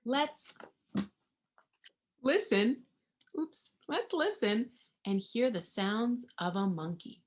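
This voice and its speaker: Slow, high-voiced woman reading to kids. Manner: animated, asks the listening child questions and imitates animal sounds. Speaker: children's storybook reader. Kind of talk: read-aloud storytime for young children.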